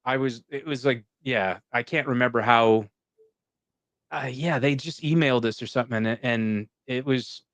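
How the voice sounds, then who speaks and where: A man hosting a podcast in casual chat, telling an animated story and swearing freely. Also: mid-range voice, moderate pace, dry recording. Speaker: podcast host.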